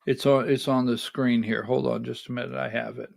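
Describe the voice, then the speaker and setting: A middle-aged man hosting a livestreamed political commentary show, talking in an animated, rhetorical way, often asking "right?" and rising to near-shouting when worked up. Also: mid-range voice, fairly quick, gravelly, no echo, studio quality. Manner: talks while fumbling with on-screen clips.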